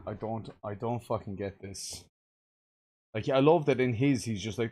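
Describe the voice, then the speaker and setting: A man's voice: on the low side, normal speed, mellow. A man streaming game development, swearing and muttering in frustration as he follows a tutorial. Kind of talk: casual game dev livestream.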